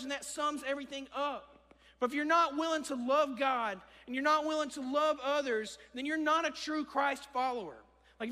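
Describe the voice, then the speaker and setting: A man's voice: very high voice, fairly bright tone. A young man preaching a sermon in a church, earnest, and repeating key phrases for emphasis. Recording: long hall reverb.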